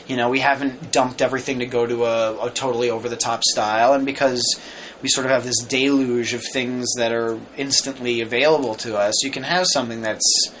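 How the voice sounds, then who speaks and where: A man's voice: medium pitch, steady tone, a little fast, a bit bright, a little hiss or hum. A man who is an actor, chatting as a podcast guest in a rambling way, with lots of "you know"s. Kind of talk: casual podcast chat.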